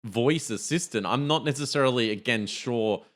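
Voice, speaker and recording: A man's voice: medium pitch, moderate pace, a bit bright. A man co-hosting a podcast in casual tech chat, sounding skeptical and hesitant, often restarting his sentences. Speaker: podcast co-host.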